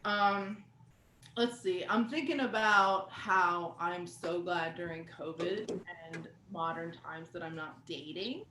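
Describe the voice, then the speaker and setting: A woman doing a stand-up comedy set, talking conversationally and swearing, with sudden loud outbursts. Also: on the low side, slow pace. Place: comedy venue with live audience. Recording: echoey room, faint background noise.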